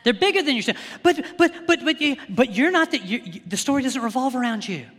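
Guy pastor getting worked up mid sermon, highish voice, long echo hanging in the hall. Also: expressive, fairly bright tone. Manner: impassioned, builds to fervor, rapid restarts.

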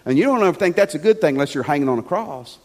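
A man delivers a sermon in a notably high voice, emphatic and conversational. He leans on rhetorical questions to draw the congregation in. A long reverb from the church hall trails his words. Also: animated, racing. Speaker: pastor. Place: church sanctuary.

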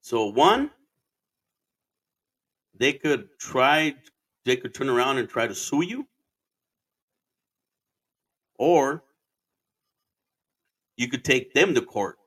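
A man from Arizona, in his thirties, spins a loose, meandering anecdote in an everyday mid-pitched voice. He swears freely and slips Spanish phrases into his English as he goes. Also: very animated, slow pace, long pauses, a bit bright, slightly rough. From Arizona, USA. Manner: rambling, profane, switches into Spanish phrases. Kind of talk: casual storytelling monologue.

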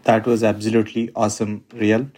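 A man's voice: on the low side, completely flat delivery, brisk, darkish tone, slightly rough. Hesitant male podcast co-host. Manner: hesitant, many filler uhs. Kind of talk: casual chat.

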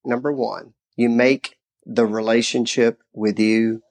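A middle-aged man talking about parenting in a relaxed, earnest way. He tells stories warmly and lively and stresses his points. His voice sits at a medium pitch. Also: slow. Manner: earnest, animated storyteller. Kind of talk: casual faith-based parenting discussion.

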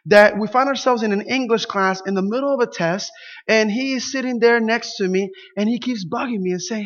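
Pastor, male, Spanish speaker, high voice, animated storyteller, lo-fi recording. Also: brisk. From Puerto Rico. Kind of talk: sermon with a personal story. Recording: dull lo-fi sound.

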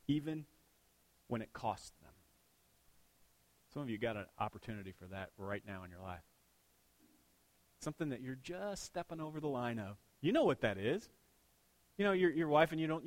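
A middle-aged man preaching a sermon, swinging between loud bursts and hushed asides, with a dad's jokes about his daughter. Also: mid-range voice, expressive, normal speed, pauses often. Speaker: pastor.

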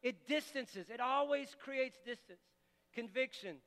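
A man's voice: very high voice, measured pace, fairly bright tone. A male pastor preaching a sermon in a church, impassioned and conversational, often restarting his sentences. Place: church sanctuary. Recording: long church reverb.

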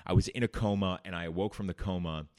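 A man's voice: sits low, steady tone, fast, darkish tone, dry recording, studio quality. A man hosting a podcast, candidly telling his own recovery story with blunt, profane language. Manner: candid, blunt, swears freely. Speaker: podcast host.

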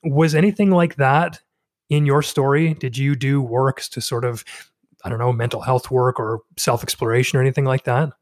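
A man's voice: mid-range voice, steady tone, moderate pace, no echo, studio quality. A man hosting a casual interview, asking open, searching questions. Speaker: podcast host.

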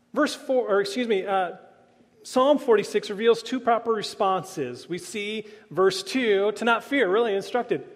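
Male pastor, higher voice, earnest sermon delivery, reverberant sanctuary sound. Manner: earnest preaching that swells then drops to a hush.

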